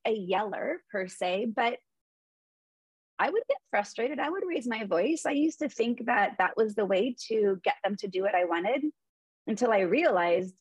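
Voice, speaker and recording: A woman's voice: medium pitch, slightly rough, no room sound, low-quality recording. A woman in her forties, a guest in an interview, telling earnest stories about parenting and mindfulness. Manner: earnest storytelling. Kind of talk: conversational interview.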